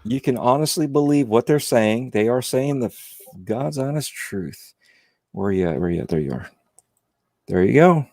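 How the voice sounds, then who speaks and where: A man in casual podcast chat who rambles, restarts and leans on "you know." His pitch sits in the middle. The sound is dry and close. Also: expressive, moderate pace, a little mellow, no echo. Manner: rambling, repeats words, lots of "you know". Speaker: podcast guest.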